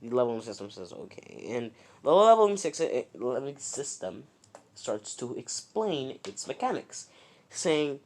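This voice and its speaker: A man's voice: mid-range voice, sing-song, normal speed. A young man casually narrating an improvised fan story, rambling with many restarts and self-corrections.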